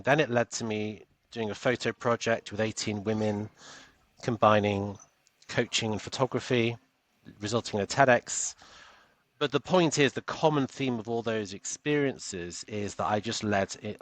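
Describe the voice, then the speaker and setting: A man's voice: fairly low pitch, fairly bright tone, dry recording. A British man, a coach and author, talking earnestly as a podcast guest and often repeating words as he goes. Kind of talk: podcast interview.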